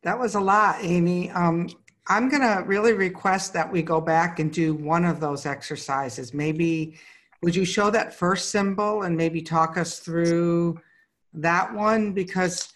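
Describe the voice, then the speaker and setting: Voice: medium pitch, a little slow, fairly bright tone. Chatty host asking for a simple exercise. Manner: friendly, rambling requests with restarts. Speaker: podcast host. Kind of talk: casual interview chat.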